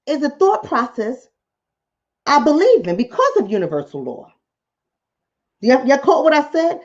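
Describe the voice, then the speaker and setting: Animated, high-voiced woman vlogger preaching. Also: moderate pace, highs cut off. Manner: emphatic, preachy, talks straight to viewers. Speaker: commentary vlogger. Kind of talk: casual commentary monologue.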